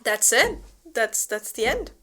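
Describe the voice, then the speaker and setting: A woman's voice: on the high side, sing-song, a little slow, a bit bright, slight background noise. A woman co-hosting a book club, casually retelling a plot with lots of fillers, swearing and little acted-out quotes. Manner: rambling with many fillers and restarts, swears freely; acts out characters in exaggerated quoted voices. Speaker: book club co-host presenting a slideshow summary.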